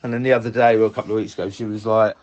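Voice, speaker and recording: A man, telling a personal story in a reflective, tender, unhurried way. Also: lowish voice, level tone, darkish tone, highs cut off.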